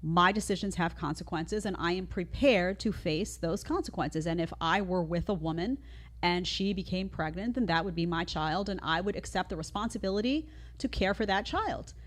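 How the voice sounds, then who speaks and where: A woman's voice: on the low side, moderate pace. A middle-aged woman hosting her own opinion show, talking in an emphatic way with lots of rhetorical questions. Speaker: show host. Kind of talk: opinion commentary.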